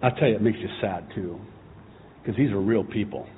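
A man's voice: lowish voice, fairly quick, a little hiss or hum. Impassioned preacher man, tinny sound. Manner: impassioned, rising to shouting. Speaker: pastor. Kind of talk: sermon.

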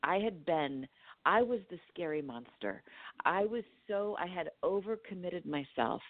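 Woman, from California, animated storyteller, dream therapist guest, low-ish voice, tinny phone-line sound. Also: a little slow, no echo. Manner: animated storyteller who acts out her own quotes. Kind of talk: storytelling in a conversational interview.

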